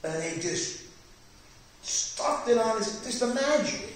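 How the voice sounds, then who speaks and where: A male pastor preaches with fervent, rising emphasis, his voice sitting high for a man. He is recorded from a distance in a very echoey church hall. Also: lively intonation, slow, slight background noise. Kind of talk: Bible study sermon.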